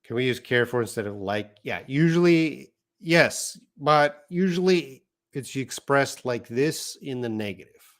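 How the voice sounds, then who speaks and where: Man, english teacher, live-stream lesson, slow careful pace, reads comments aloud. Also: mid-range voice, animated, fairly bright tone. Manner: reads viewer comments aloud, explains patiently.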